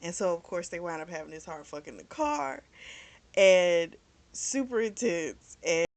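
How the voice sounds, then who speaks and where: A woman's voice: lowish voice, lively intonation, measured pace, gravelly. A young woman casually retelling a book's plot, chatty and full of fillers, swearing freely. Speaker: book reviewer. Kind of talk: casual book recap.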